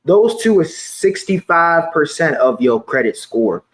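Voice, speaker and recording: A man in his twenties talking casually to camera about money, relaxed and slangy, often repeating his points. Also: on the high side, measured pace, low-quality recording. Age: 20s. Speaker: personal finance vlogger.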